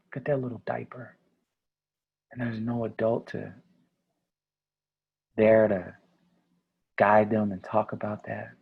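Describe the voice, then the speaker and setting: A man giving a conference keynote speech, energetic and asking the audience questions. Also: on the low side, slow, gravelly, long pauses, breathy edge, phone-quality sound. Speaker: keynote speaker.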